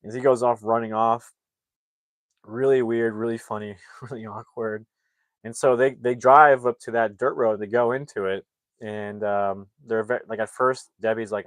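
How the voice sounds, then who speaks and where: A man's voice: mid-range voice, fairly even intonation, moderate pace, dry recording. A man casually recapping a film's plot as a movie reviewer, rambling with lots of fillers.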